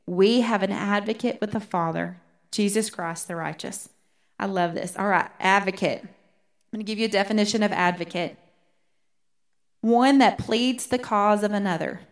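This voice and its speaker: A woman teaching a Bible study, rereading verses slowly and earnestly. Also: medium pitch.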